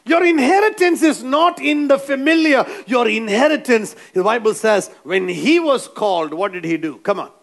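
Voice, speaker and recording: A man's voice: very high voice, lively intonation, moderate pace, creaky, hardly any pauses. A man preaching a sermon, emphatic and repetitive, who keeps prompting the congregation to answer back. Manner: emphatic, repeats phrases, prompts the congregation for amens.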